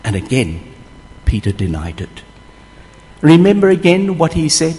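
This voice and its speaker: A man's voice: medium pitch, big pitch swings, normal speed, pauses often, warm tone. A man preaching a sermon, telling the story vividly and acting out the voices of the people in it. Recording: long hall reverb.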